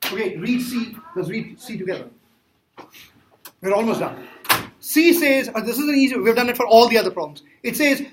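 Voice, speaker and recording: High-voiced man teaching math in an echoey classroom. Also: expressive, normal speed. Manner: emphatic, repeats himself, quizzes students. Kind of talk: classroom lecture. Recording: echoey classroom with faint noise.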